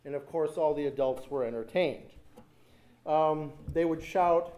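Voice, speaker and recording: A man's voice: a little high, unhurried, warm tone. A man preaching a sermon as pastor, telling stories with animation and repeating lines for emphasis.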